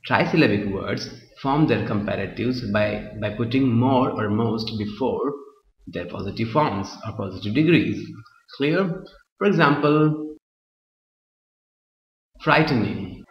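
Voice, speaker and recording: Unhurried yet expressive, a mid-range male voice leads a grammar lesson, repeating points and asking "Clear?" at every turn. The recording comes from a muffled, echoing room, and he keeps drifting away from the mic.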